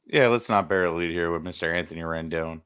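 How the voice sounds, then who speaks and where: A man co-hosting a casual sports podcast, excitable, jokey and rambling. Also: deep voice, fast talker, clean tone, dry recording, studio quality. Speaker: podcast co-host.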